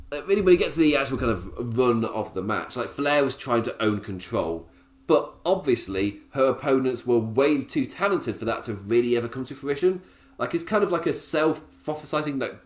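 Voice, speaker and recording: A man's voice: mid-range voice, reverberant. Chatty man with frequent laughs. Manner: chatty, laughs often, restarts sentences. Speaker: podcast host. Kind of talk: casual recap commentary.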